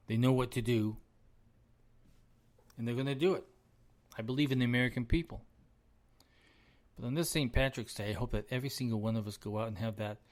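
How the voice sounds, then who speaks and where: Emphatic middle-aged man ranting on a podcast. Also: mid-range voice. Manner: emphatic, repetitive ranting with chuckles. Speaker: podcast host. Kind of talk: solo opinion podcast rant.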